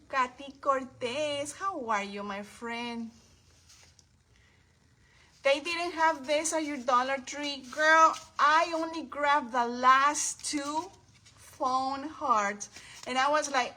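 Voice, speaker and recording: A woman hosting a casual craft livestream from her home craft table, chatting warmly with viewers by name and calling them her friends. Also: high-pitched, slow, low-quality recording.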